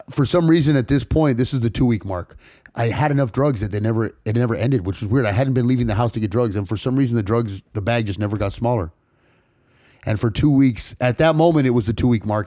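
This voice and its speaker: A man's voice: on the low side, mellow, dry recording, studio quality. A man from California's San Fernando Valley, a podcast guest telling his story candidly, blunt and emotional, with frequent swearing.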